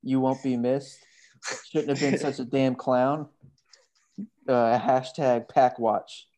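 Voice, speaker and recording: A man's voice: mid-range voice, little pitch movement, slow pace, dark tone. A man co-hosting a casual podcast, joking around in a wry way. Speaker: podcast co-host.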